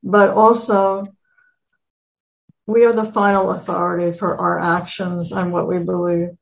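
A woman's voice: lowish voice, level tone, measured pace, vocal fry, poor audio. A woman taking part in a casual group discussion, speaking earnestly. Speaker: discussion participant.

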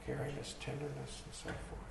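A hoarse man giving a slow, reflective dharma talk to a group, pausing as he thinks. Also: medium pitch, completely flat delivery. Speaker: meditation teacher. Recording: echoey hall from far off, faint noise.

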